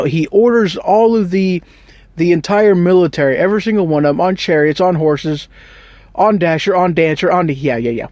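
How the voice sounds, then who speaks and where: A man's voice: a little high, normal speed, darkish tone, dry recording, dull audio. A man telling a Bible story in a casual, rambling, joking way with slang. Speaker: Bible teacher.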